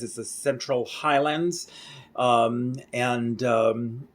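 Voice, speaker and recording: A Mexican-raised man with an American English accent, rambling casually through a daily home video diary. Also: mid-range voice. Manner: rambling, chatty, self-correcting. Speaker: vlogger.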